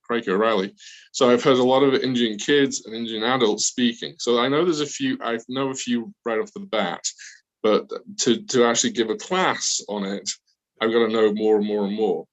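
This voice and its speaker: A man's voice: mid-range voice, steady tone, moderate pace, rough recording. A man with a Northern English accent, introducing a public speaking class in a rambling, chatty way with self-deprecating asides. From north of England.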